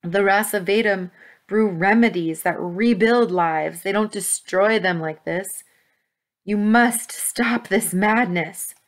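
A woman voicing a stern grown man who booms and pleads with measured force in a read-aloud story. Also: close to an everyday voice. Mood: pleading. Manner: booming, slow and forceful.

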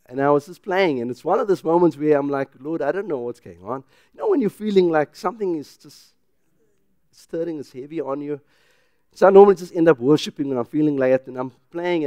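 Pastor, middle-aged man, fairly high voice, dry close sound; preaches loud then drops to a hush. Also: dry recording. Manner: preaching with loud emphatic rises, then drops to a quiet personal telling. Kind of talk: sermon.

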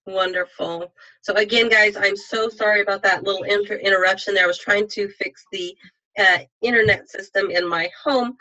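A woman's voice: medium pitch, fairly even intonation, normal speed, pushed and bright, rough recording. A woman hosting a team conference call, apologetic and full of praise for the speakers. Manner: effusive, apologetic, heaps on praise.

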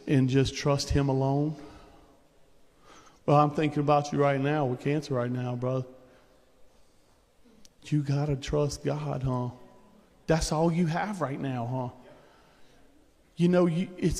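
A man's voice: fairly high pitch, darkish tone. A man preaching a sermon in a loose, conversational way, with asides and chuckles. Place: church sanctuary. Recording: long church reverb.

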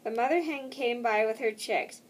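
A woman reading a children's picture book aloud, slow and careful, stopping now and then for casual asides. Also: a little high, breathy edge, distant mic, low-quality recording.

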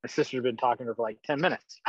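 Swearing, excited male caller on lo-fi call. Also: medium pitch, quick pace, no echo. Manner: excited, swears freely while telling a story. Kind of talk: casual personal story. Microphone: online call.

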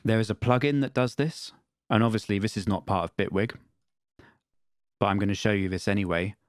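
Low-voiced man explaining audio software. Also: steady tone, brisk, no room sound. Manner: plain, matter-of-fact explaining with repeated test phrases. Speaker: music production tutor. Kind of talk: screen-recorded software tutorial.

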